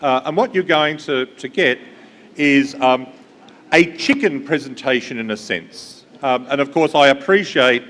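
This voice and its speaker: Male keynote speaker, friendly, talks with the crowd, mid pitch, big echoing hall. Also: measured pace, fairly bright tone. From Australia. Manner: friendly, engages the audience, many fillers. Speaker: invited speaker. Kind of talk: conference keynote talk. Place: large conference hall. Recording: long hall reverb.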